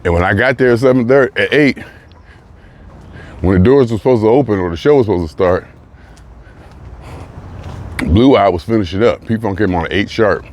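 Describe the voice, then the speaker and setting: A man with a fairly low voice talks to his camera as he walks outdoors in the sun, a little breathless. His thoughts wander and he circles back to restart his sentences. Faint traffic and outdoor noise sit behind him. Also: moderate pace, pauses often, a little mellow. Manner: rambling, reflective, restarts phrases. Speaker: vlogger. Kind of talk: casual spoken monologue while walking.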